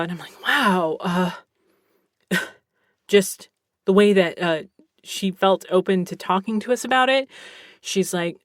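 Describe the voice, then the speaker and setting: A woman podcast host telling a personal story in a chatty, animated way, acting out what others said. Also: lowish voice, no room sound, clean studio sound. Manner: chatty, animated, quotes others, swears casually. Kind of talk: casual storytelling.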